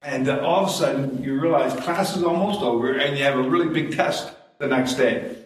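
In a church sanctuary, a middle-aged man preaches at a fairly quick clip in a mid-range voice, sharing folksy anecdotes and chuckling at his jokes. The distant recording echoes heavily, and congregation responses can be heard behind him.

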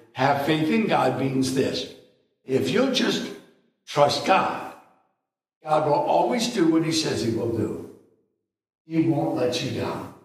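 An older man preaching a sermon as a visiting preacher, telling folksy stories and acting out both sides of a dialogue. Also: mid-range voice. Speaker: guest preacher. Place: church. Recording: echoey church hall, mic at a distance.

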